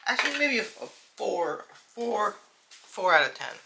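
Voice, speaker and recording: A man's voice: sits high, big pitch swings, measured pace, creaky, pushed and bright, a little hiss or hum. A young man hosting a casual reaction video, rambling with lots of fillers and calling the viewers "dude" and "guys". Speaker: video host.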